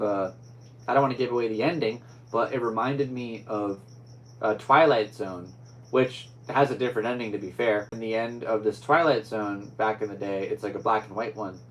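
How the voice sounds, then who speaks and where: A man's voice: on the low side, a little hiss or hum, poor audio. A man hosting his own podcast alone, talking in a rambling, easygoing way with upbeat sign-offs. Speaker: podcast host. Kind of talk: casual solo podcast chat.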